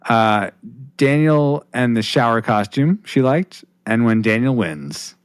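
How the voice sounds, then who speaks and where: A man's voice: medium pitch, expressive, takes it slowly, clear, resonant tone, dry recording. A man hosting a casual podcast, rambling with restarts while reading listener comments on a close mic. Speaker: podcast host.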